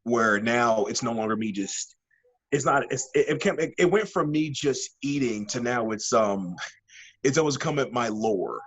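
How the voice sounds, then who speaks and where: A man being interviewed as a wrestling guest, an animated storyteller who rambles with many fillers and restarts. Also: mid-range voice, moderate pace, breathy edge, poor audio. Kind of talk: casual interview chat.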